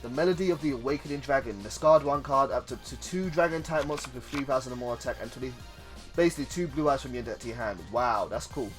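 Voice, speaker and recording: An excitable man doing casual live-stream commentary over a card game, his voice sitting in an ordinary middle pitch. He chats loosely and reads card text out loud, breaking in with eager reactions. Soft music plays faintly in the background. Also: quick pace.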